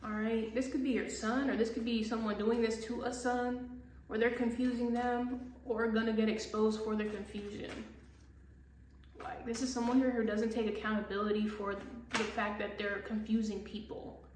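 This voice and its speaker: A woman's voice: a little high, little pitch movement, moderate pace, a little mellow, far from the mic. A woman giving a casual tarot reading in a blunt, profane, exasperated way, laughing often. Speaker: tarot reader. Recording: echoey room with faint hiss.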